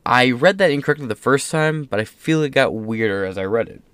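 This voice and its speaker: A man's voice: medium pitch, lively intonation, a little fast, a bit bright, clear, resonant tone, no echo. A man hosting his own solo commentary show, reading news aloud in a casual, rambling, sarcastic way, tripping over words and swearing offhand. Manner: stumbles while reading aloud. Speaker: political commentary host.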